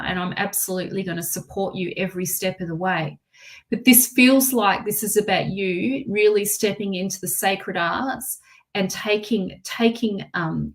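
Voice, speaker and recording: A woman giving a live tarot reading, soft and reassuring, often repeating her phrases. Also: medium pitch. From Australia. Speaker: tarot reader.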